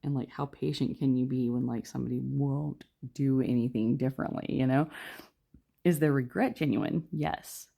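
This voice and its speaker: A woman giving a casual, rambling tarot reading, talking quietly with lots of fillers. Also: rumbling low, steady tone, normal speed, creaky, slightly rough. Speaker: tarot reader.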